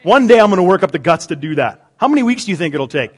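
A middle-aged man preaching a sermon, humorous, swinging between loud emphasis and quiet asides. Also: sits high, very animated, fast talker, breathy edge. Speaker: pastor.

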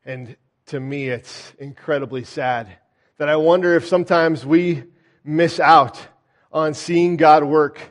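Male pastor, slightly high voice, animated sermon delivery with lots of "uh.". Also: unhurried. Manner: animated, acts out the townspeople's doubts; frequent "uh" fillers and restarts.

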